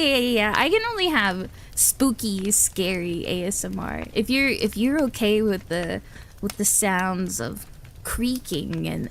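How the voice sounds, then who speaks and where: With a lowish voice and some vocal fry, a woman livestreamer talks casually with her viewers. She rambles, giggles often, and restarts her sentences, and there's slight background noise.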